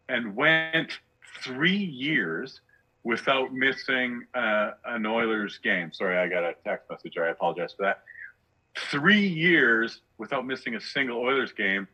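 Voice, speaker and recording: Bright-voiced ranting male comedian. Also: medium pitch, poor audio. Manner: ranting, sarcastic, rhetorical questions. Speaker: guest comedian. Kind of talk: casual podcast chat.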